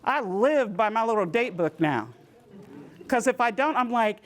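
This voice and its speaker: A woman gives a community health talk. She tells her own stories in a lively way and acts out the voices of the people in them. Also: a little high, a little slow, slight background noise. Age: 60s. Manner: lively storytelling, acting out voices in quotes. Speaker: presenter.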